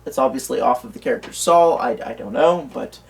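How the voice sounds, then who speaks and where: A man's voice: medium pitch, fairly quick, vocal fry, distant mic. A man co-hosting a casual movie news chat, rambling with lots of fillers and restarts. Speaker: co-host. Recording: voice from away from the mic.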